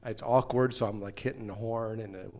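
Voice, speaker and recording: An American musician being interviewed, telling stories in a casual, animated way and acting out other people's lines. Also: male voice, fairly low pitch, a little fast. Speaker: musician guest.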